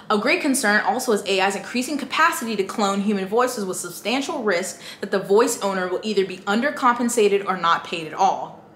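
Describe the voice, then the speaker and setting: A woman's voice: medium pitch, a bit bright. A woman book vlogger giving casual, emphatic commentary straight to her viewers while reading an article aloud. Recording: echoey room with faint noise.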